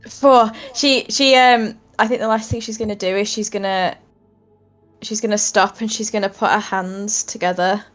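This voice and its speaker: Player: casual, chatty woman narrating her character, mid pitch. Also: steady tone, normal speed, a bit bright, faint music behind. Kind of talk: casual tabletop game play.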